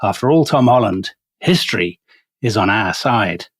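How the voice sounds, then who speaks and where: A commanding sea captain rallies his crew with loud, rising, emphatic questions, as a man puts him on. The voice is dry and close, with no room sound. It is a middle-aged naval officer urging his men to action. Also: on the low side, animated, moderate pace, slightly rough, dry recording. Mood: rousing.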